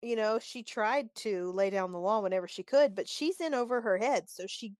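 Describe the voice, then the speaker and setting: A woman co-hosting a casual podcast, recapping a TV episode in a chatty, animated way and acting out the characters' lines. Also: medium pitch, normal speed, dry recording, studio quality. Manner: chatty and animated, acts out quoted lines, openly annoyed. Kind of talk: casual chat.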